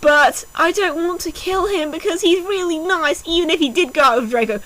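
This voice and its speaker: A woman's voice: extremely high pitch, brisk, a bit bright, poor audio. A woman reading a bad story aloud for comedy, sliding between mock-dramatic reading and snarky, sarcastic asides. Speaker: fanfiction reader. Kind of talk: comedic mocking read-aloud.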